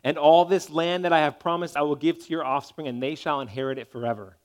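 Man, pastor, sermon, somewhat high pitch, emphatic conversational delivery. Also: steady tone, fast talker. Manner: conversational preaching, emphatic, checks in with "right?".

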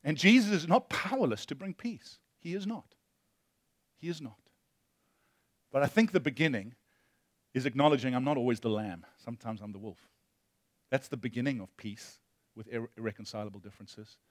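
A male pastor preaching a sermon, impassioned, moving between loud emphasis and hushed storytelling. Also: mid-range voice, moderate pace, long pauses, dry recording, studio quality.

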